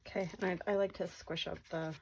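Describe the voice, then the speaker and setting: A middle-aged woman chatting casually as she works through a craft project at home, rambling and soft-spoken. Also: fairly low pitch, fairly even intonation, fast. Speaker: crafting vlogger. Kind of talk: casual craft-along chat. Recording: faint background noise.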